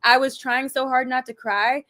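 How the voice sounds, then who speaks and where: A young woman co-hosting a casual chat, telling stories in an animated way and acting out little scenes with laughs. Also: sits high, normal speed. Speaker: co-host.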